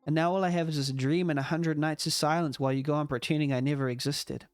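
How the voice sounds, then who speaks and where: A man's voice: on the high side, fairly even intonation, quick pace, no room sound, natural voice. Lonely dream-trapped young man, read by a man. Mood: desperate pleading.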